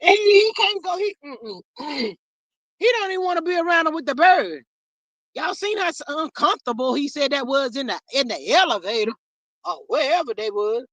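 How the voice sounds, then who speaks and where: This livestream host sits high in pitch and speaks at a moderate pace, reading out viewer comments in a casual gossip chat and reacting sassily and animatedly, with frequent cries of "child." The recording is dry.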